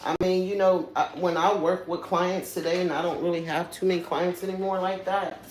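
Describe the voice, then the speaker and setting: A woman's voice: lowish voice, steady tone, fairly quick, slight background noise. A woman hosting a livestream, telling stories in a candid, earthy way with frequent swearing and trailing asides. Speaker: livestream host. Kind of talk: casual storytelling chat.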